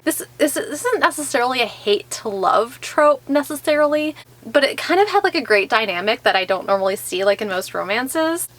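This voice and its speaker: A woman's voice: on the high side, a bit bright. A woman giving a casual video book review, talking in a chatty way with lots of "like" fillers. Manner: chatty, heavy use of "like" fillers.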